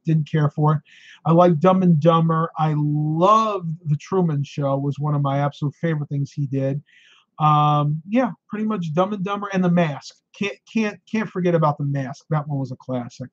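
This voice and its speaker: A man's voice: on the high side, moderate pace, dry recording, lo-fi sound. A man hosting a live stream, chatting casually and answering viewer questions, tired and losing his voice, with frequent ums and laughs.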